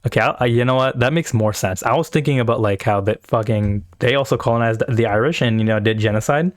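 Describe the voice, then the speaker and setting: A man's voice: medium pitch, fast. Blunt, swearing male streamer. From Pakistan or India. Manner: blunt, profane, thinking aloud. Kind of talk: casual live-stream commentary.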